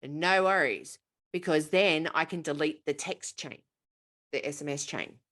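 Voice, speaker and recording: A woman co-hosting a podcast, chatting casually and venting in an animated, exasperated way, swearing freely. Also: deep voice, moderate pace. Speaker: podcast co-host. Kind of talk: casual chat.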